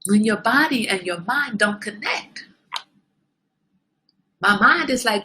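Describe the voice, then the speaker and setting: A middle-aged woman hosting her own show, giving a candid, preachy motivational talk about slowing down. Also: on the high side, expressive, pushed and bright, a little hiss or hum. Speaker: host. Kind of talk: casual motivational monologue.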